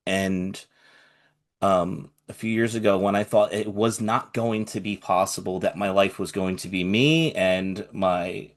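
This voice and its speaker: Earnest, emotional young man, low voice. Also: fairly even intonation, a little slow. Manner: earnest, emotional, voice softening and trailing off. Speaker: community organizer of a fan group. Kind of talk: heartfelt live group chat.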